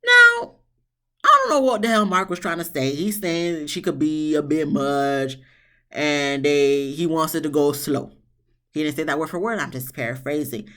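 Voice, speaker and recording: Sassy recap vlogger, blunt, swears, voice leaps high when exasperated, mid pitch. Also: moderate pace, a bit bright. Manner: jumps into high exasperated tones. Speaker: TV show reviewer, channel host. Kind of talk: casual recap commentary.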